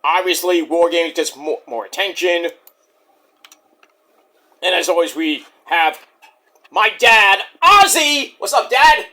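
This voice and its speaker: Man, high bright voice, very animated, casual profane wrestling review. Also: slow, pauses often. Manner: animated, profane, jokey, breaks into impressions. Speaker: wrestling reviewer, channel host.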